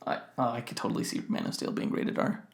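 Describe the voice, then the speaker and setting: A man's voice: fast talker, reverberant. A young man co-hosting a podcast in casual chat, joking and laughing often. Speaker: podcast co-host.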